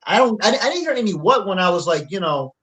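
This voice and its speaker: A man's voice: high-pitched, sing-song, quick pace, fairly bright tone, poor audio. A man co-hosting a casual panel chat who rambles, filling his talk with "like" and restarts. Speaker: co-host.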